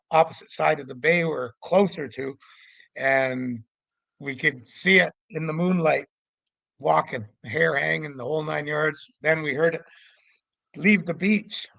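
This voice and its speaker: A middle-aged man from Canada telling stories in a casual, animated way, shouting out the voices of the people in them. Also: a little high, vocal fry, dry recording, low-quality recording. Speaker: guest storyteller, Sasquatch investigator. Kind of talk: casual storytelling.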